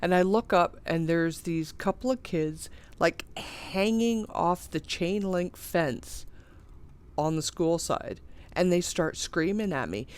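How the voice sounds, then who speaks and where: An adult streamer talks slowly and unhurriedly, drifting from one anecdote to the next while playing. The voice sits at an ordinary middle pitch. Laughs, sighs and mild swearing keep it loose and conversational. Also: a little mellow. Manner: meandering, chuckling, sighing, mildly profane. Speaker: gaming streamer. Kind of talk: casual rambling storytelling while playing.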